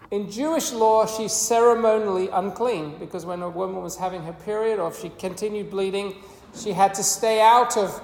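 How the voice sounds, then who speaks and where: A pastor preaching a sermon in an earnest storytelling manner, pausing between phrases. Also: medium pitch, creaky, darkish tone. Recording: echoey hall with long reverb.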